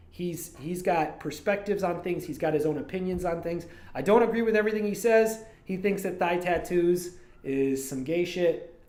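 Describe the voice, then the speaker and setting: A man's voice: fairly high pitch, a little mellow. Rambling man on a roomy livestream. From Toledo, Ohio. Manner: rambling, digressive storytelling. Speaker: streamer and animator. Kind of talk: casual livestream chat. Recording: roomy echo.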